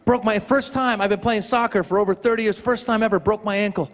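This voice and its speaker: Loud laughter and crowd noise fill this live recording of a middle-aged man's stand-up comedy set in a large hall. Speaking quickly in a high voice, he energetically performs voices and sound effects for the audience.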